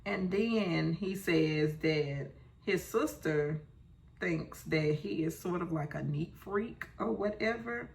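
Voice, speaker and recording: Slow sassy lady with a gravelly voice recapping reality tv. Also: fairly low pitch. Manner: sassy, talks back to the screen. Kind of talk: casual show recap.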